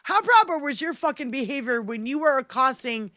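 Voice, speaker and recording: A woman's voice: sits high, expressive, fairly quick, bright, forceful tone, slight background noise. A woman on a casual podcast chat, ranting heatedly and swearing a lot.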